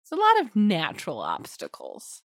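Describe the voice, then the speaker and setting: A woman's voice: on the low side, wildly swooping pitch, moderate pace, dry recording, studio quality. Earnest woman playing a tabletop character. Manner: polite, earnest in-character speech. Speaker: player.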